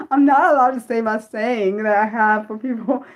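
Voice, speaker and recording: A woman's voice: a little high, measured pace. A woman hosting an unscripted livestream, reading her chat aloud and venting with frequent swearing. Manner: reads and answers chat aloud. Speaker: livestream host.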